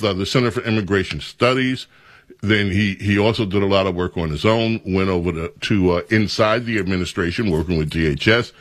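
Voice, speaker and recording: Male talk radio host, lowish voice, rambling and incredulous. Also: a bit bright, dry recording.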